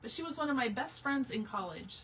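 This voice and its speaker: A woman's voice: a little high, lively intonation, a little fast, a bit bright, recorded from a distance, a little hiss or hum. A woman hosting a casual live craft tutorial, chatting and greeting viewers by name as she works. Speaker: craft livestream host.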